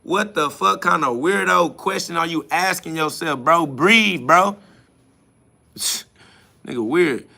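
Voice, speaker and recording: A man with a bright, fairly high voice delivers a combative spiritual rant. He is mocking and profane, firing back at listener comments. His tone is sharp and forceful throughout. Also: measured pace, creaky. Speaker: podcast host answering comments.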